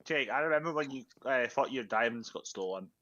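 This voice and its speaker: A male gamer chatting over voice chat that sounds dull and lo-fi. His pitch is middling. He rambles and keeps correcting himself mid-sentence. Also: lively intonation, a little fast, bright, forceful tone, a little hiss or hum. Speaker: fellow player on voice chat. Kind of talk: casual chat over a game.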